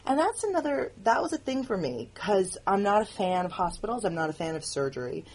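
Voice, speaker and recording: Husky-voiced woman, earnest and halting. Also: medium pitch, sing-song, darkish tone. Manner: earnest, halting, frequent restarts. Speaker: writer and producer of the show. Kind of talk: candid audio commentary.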